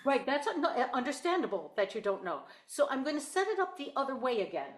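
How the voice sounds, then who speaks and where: A woman's voice: high-pitched, sing-song, fast. A woman teaching a one-on-one singing lesson, explaining exercises and demonstrating them in an encouraging way. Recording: echoey room with piano.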